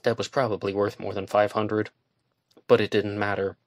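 A man reading a thriller audiobook aloud in steady narration. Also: lowish voice, moderate pace, no echo, studio quality. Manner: steady, plain storytelling. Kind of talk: scripted narration.

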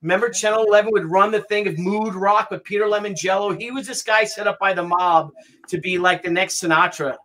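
A man hosting a casual video-call chat, excitable and prone to stammering and repeating words. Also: high-pitched, a little fast. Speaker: host.

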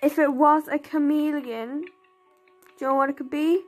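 A young woman chatting casually while she plays an online game, excitable, gasping and exclaiming as she reacts. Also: high-pitched, moderate pace, rough recording. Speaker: game player narrating gameplay. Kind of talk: casual gameplay commentary. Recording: game music playing behind. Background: game music.

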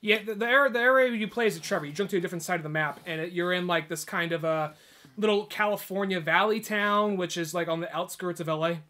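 A man's voice: high-pitched, fast. A young man hosting a podcast in casual chat, telling a story with lots of energy and acting out characters' lines. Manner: animated storyteller, acts out game characters' lines. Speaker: podcast host.

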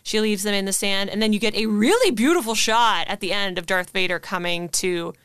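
A woman's voice: mid-range voice, a little fast, a bit bright, clear, resonant tone, dry recording. A woman hosting a casual podcast chat, upbeat and chatty, with frequent fillers as she explains. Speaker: podcast host teaching the lesson.

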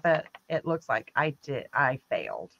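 Woman co-host, casual stream chat, teasing and laughing, lively lower voice, dull dry sound. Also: unhurried, creaky, a little hiss or hum. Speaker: livestream co-host.

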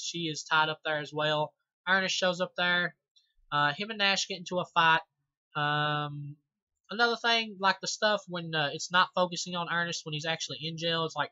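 A man's voice: fairly high pitch, sharp tone, dry recording, muffled recording. A man giving a casual, rambling film review, full of fillers, restarts and offhand swearing.

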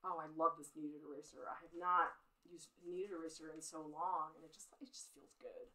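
A woman's voice: low voice, fairly even intonation, a little fast, pushed and bright, rough recording. A middle-aged woman art teacher giving a live-streamed drawing demo, chatty and self-critical as she talks through her work and laughs at her own mistakes.

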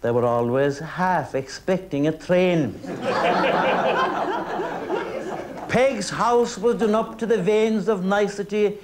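A man with an Irish accent telling a traditional folk tale in a lilting, humorous, rhythmic way. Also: high voice. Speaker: storyteller. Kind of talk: traditional oral storytelling.

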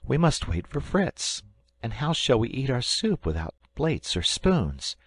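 A man voicing a gentle, practical mother in an audiobook, raising his voice for her. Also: medium pitch, big pitch swings, a little slow, slightly rough, dry recording, pitched above the performer's own voice, exaggerated voice. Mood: concerned.

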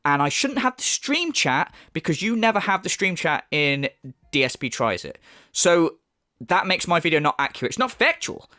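A man's voice: a little high, sing-song, moderate pace, pushed and bright, dry recording, studio quality. A man giving angry reaction commentary, ranting with sarcasm and heavy swearing. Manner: heated, profane, sarcastic ranting. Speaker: YouTube commentator.

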